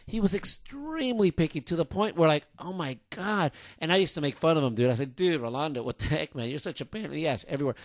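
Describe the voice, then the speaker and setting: A man co-hosting a casual chat show, telling stories in an animated, joking way, calling people dude and bro. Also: a little high, fast talker, few pauses, no room sound. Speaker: podcast co-host.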